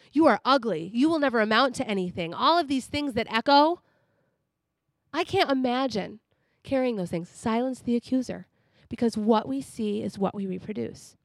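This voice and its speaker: Chatty, animated female preacher with a high voice and a dry, close sound. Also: dry recording. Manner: animated and chatty, laughs often. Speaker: speaker. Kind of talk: sermon.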